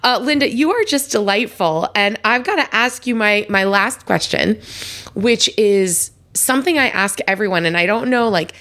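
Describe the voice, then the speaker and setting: Chatty woman podcast host, mid pitch, effusive, talks with restarts and fillers. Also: animated, moderate pace, fairly bright tone. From New York Italian American family. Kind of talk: casual interview chat.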